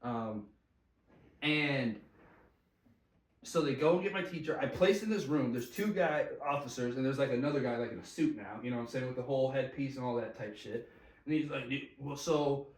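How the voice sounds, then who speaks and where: A man's voice: medium pitch, moderate pace, a little mellow, distant mic. A man casually telling a long story, laughing often and swearing freely in slangy talk. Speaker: podcast guest telling a story. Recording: echoey room, voice a bit off-mic.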